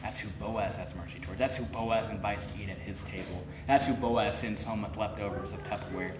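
A man's voice: on the low side, fairly even intonation, brisk, far from the mic, noisy background. A man preaching a sermon in a conversational way, pressing his points with rising, emphatic questions and acting out the people he quotes. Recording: roomy echo, voice from off-mic.

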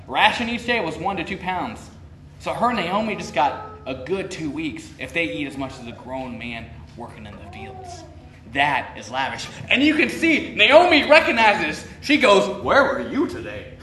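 Man, preacher, conversational sermon, emphatic questions, slightly high voice, echoey church, distant mic. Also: big pitch swings, normal speed, sharp tone, a little hiss or hum. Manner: conversational preaching, rising emphatic questions, acts out quoted speech. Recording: roomy echo, voice from off-mic.

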